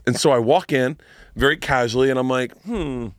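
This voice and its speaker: A man's voice: medium pitch, brisk, clean tone, no echo, clean studio sound. A middle-aged man, a comedian guest, telling stories in casual podcast chat, acting out quotes and breaking into big laughs.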